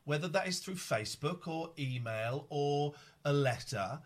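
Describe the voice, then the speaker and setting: Brief: male host, earnest and stumbling, very animated pitch. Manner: halting and earnest, with many restarts. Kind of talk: emotional one-on-one conversation.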